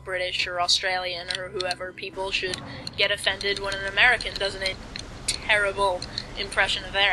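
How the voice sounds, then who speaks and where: A woman's voice: medium pitch, sharp tone, a little hiss or hum, poor audio. A woman casually commenting as she plays a video game, rambling and joking at her own expense. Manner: rambling, self-mocking, jokey asides. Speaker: let's play commentator.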